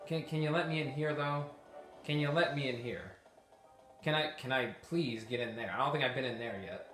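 A man's voice: mid-range voice, moderate pace, a bit bright. A man giving casual let's-play commentary, exasperated and talking to himself as he plays. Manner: exasperated, talks to himself while playing. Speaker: gameplay commentator. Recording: echoey room with game music behind.

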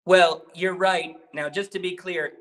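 A man as a guest on an interview podcast, talking in an animated, persuasive way and asking rhetorical questions. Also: high-pitched, unhurried. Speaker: guest, program founder.

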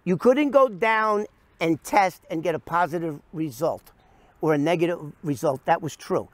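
A middle-aged man tells a story to camera. His voice sits high, and he throws himself into the quoted lines. The sound is dry and close. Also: moderate pace, dry recording. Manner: animated, acts out quoted voices loudly.

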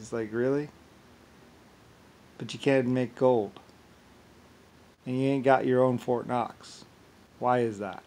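A man rants in a loose, rambling monologue, swearing freely and speaking with an agitated edge. His claims are grandiose, and he keeps circling back to the same grievances. His voice sits at an ordinary, middle pitch for a man. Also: fairly even intonation, a little slow, long pauses, a little mellow.

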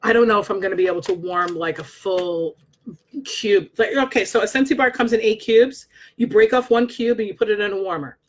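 Married woman vlogging scent reviews, blunt and chatty, swears a lot, reads the labels out loud. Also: medium pitch, a little fast. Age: adult, married. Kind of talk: casual product review vlog. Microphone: own microphone.

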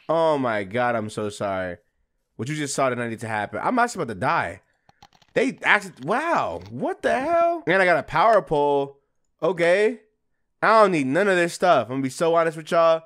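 A young man giving casual, slangy gameplay commentary, trash-talking enemies and yelling at big moments. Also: a little high, sing-song, brisk. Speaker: gaming YouTuber.

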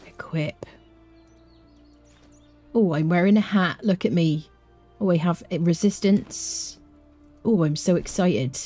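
A woman giving casual gameplay commentary, excitable and humming little tunes as she plays. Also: on the low side, slow, long pauses, faint music behind. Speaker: gameplay streamer.

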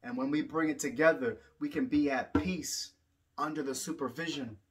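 A man's voice: on the high side, moderate pace, slightly rough. A man teaching about the drum in a rhythmic spoken-word style, repeating lines like a chant. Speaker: poet and drummer. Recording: drum music playing throughout.

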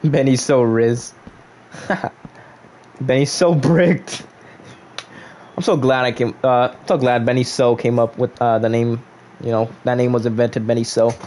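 A man's voice: mid-range voice, steady tone, a little slow, long pauses, darkish tone, a little hiss or hum. A young man casually chatting on a gaming livestream, reading viewers' chat aloud and joking back at them.

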